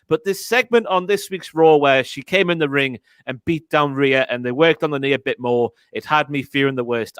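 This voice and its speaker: A man's voice: a little high, fairly bright tone, dry recording. A young man with a Geordie accent, chatting as a guest on a wrestling livestream, chatty and self-deprecating with lots of fillers. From Northeast England. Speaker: guest co-host. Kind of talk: casual livestream chat.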